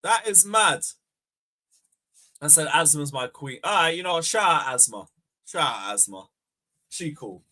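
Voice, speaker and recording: Loud, lively young man. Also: on the high side, unhurried, long pauses. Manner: loud, swearing banter, mock-taunting. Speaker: fan channel host. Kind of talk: casual livestream chat.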